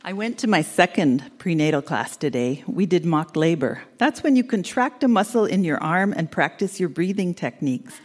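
A woman's voice: fairly low pitch, expressive, normal speed, hardly any pauses, big-room sound. A young woman talking as if recording letters to her husband, teasing and giggly. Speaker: letter writer. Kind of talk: reading old tape letters aloud.

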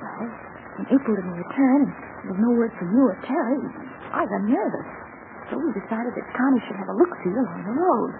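A sassy, wisecracking young woman prisoner in a 1940s radio serial. Her voice swings up and down with lively pitch. The sound is tinny and narrow like an old broadcast, with steady hiss. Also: a little fast, gravelly.

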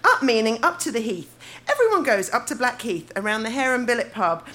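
A woman's voice: a little high, big pitch swings, brisk, fairly bright tone. Giggly woman reading her diary. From England. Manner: giggly, breaking into laughter between lines. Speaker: diary reader. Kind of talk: reading her teenage diary aloud on stage. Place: live show venue.

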